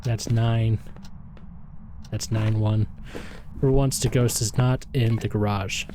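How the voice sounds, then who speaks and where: A slightly hoarse, out-of-breath man giving rambling, self-deprecating commentary while streaming a game. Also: lowish voice, steady tone, takes it slowly, mellow, a little hiss or hum. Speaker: gaming streamer.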